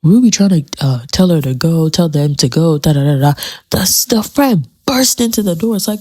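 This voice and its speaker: A woman's voice: low-pitched, expressive, moderate pace, warm tone, no echo. A woman giving a casual commentary on a TV episode, chatty and dramatic, repeating phrases for emphasis. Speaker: TV show commentator.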